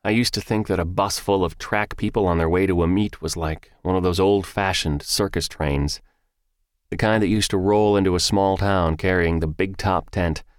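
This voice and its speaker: A man narrating a first-person story in an audiobook, with measured, even storytelling. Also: low voice, clean tone, dry recording, studio quality.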